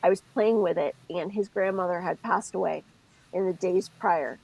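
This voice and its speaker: Gravelly, husky woman podcast co-host. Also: on the low side, moderate pace, lo-fi sound. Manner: expressive, thinks aloud, self-interrupting. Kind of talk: casual spiritual chat.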